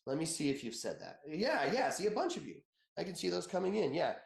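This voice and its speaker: A man's voice: a little high, sing-song, fast talker, vocal fry, roomy sound. A man in his thirties, an attorney giving a conversational webinar, chatty and joking, telling personal stories and laughing often.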